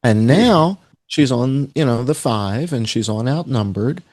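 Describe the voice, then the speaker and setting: A man's voice: medium pitch, expressive, a little slow, darkish tone, dry recording, clean studio sound. A man talking in a sarcastic, rambling way on a podcast, with mocking asides. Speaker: podcast guest. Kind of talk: casual conspiratorial chat.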